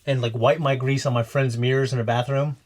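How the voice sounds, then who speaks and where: A man's voice: mid-range voice, a little fast. A man co-hosting a reaction show, chatting casually and telling rambling stories full of restarts. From Philippines heritage. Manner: rambling, animated storytelling with restarts. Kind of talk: casual chat.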